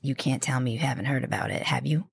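A woman improvising as an interrogator, asking slow, probing questions. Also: very deep voice, fairly even intonation, vocal fry, breathy edge. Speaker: improv player.

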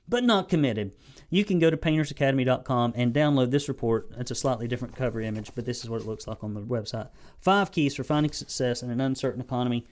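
A man's voice: mid-range voice, quick pace, a little mellow. A man with a Southern US accent giving a blunt, folksy, sarcastic sales training talk to camera as a business coach.

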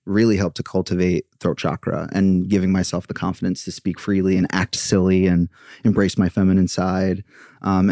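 Brief: chatty male yoga teacher, deep gravelly voice, mellow, dry close sound. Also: no echo. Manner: chatty, acts out quoted voices. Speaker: podcast guest, yoga teacher. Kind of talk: candid personal storytelling.

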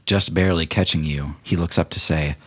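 A man narrating as game master of a tabletop role-playing game, in a relaxed storytelling manner with many fillers. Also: low voice, a little fast.

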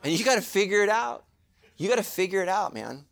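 Animated joking pastor, lively pitch. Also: male voice, gravelly. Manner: animated, jokey preaching with quick asides. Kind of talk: sermon.

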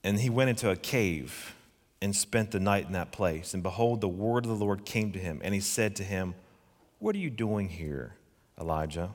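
Male pastor, low register, earnest and emphatic sermon delivery, long hall reverb. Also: lively intonation, normal speed. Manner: earnest, emphatic, asks the listeners questions.

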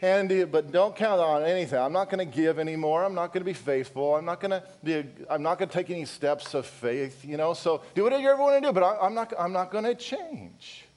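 A man's voice: sits high, animated, quick pace, hardly any pauses, a little mellow. A male pastor voicing an indifferent, sleepy churchgoer who shrugs off every call to change. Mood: dismissive. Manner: dismissive, shrugging tone.

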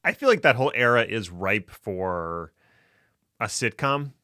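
A man co-hosting a podcast in casual banter, playful and jokey with deadpan bits. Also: on the low side, a little slow, no echo, studio quality. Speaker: podcast co-host.

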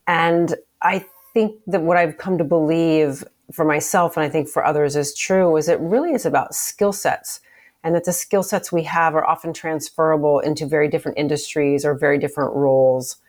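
Brief: low-pitched middle-aged woman, podcast guest, measured and reflective. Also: fairly even intonation. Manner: measured, thoughtful, with frequent restarts. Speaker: podcast guest, former museum CEO. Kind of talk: conversational interview answers.

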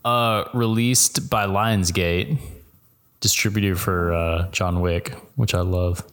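A man's voice: deep voice, fairly even intonation, takes it slowly, fairly bright tone. A man, chatting casually as a podcast co-host, rambling with many fillers and restarts. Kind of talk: casual chat.

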